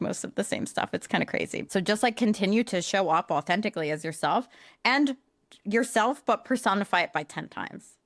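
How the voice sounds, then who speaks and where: Woman, casual podcast co-host, blunt and flat-voiced, mid pitch, dry close recording. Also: no room sound. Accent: accent others comment on, likened to a nasal New York voice. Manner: self-described monotone, casual and blunt with mild swearing. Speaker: podcast co-host, social media marketer. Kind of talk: casual chat.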